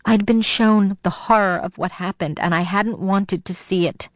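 A woman's voice: mid-range voice, moderate pace, no room sound, studio quality. A woman narrating a tense first-person story with dramatic delivery. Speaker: audiobook narrator.

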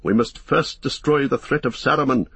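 A man reading an audiobook voices an old wizard giving grave, measured counsel. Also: medium pitch, creaky, a bit bright, husky, no room sound. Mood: counselling.

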